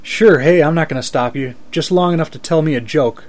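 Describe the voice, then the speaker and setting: A man reading a story aloud and voicing a blunt, teasing middle-aged neighbor who makes deadpan threats. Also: on the high side, fairly quick, close to an everyday voice.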